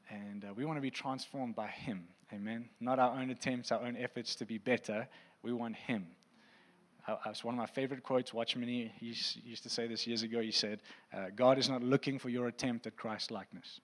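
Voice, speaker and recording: A man's voice: medium pitch, steady tone, fairly quick, long reverb tail. A man preaching a sermon, earnest and heartfelt, with frequent fillers and restarts.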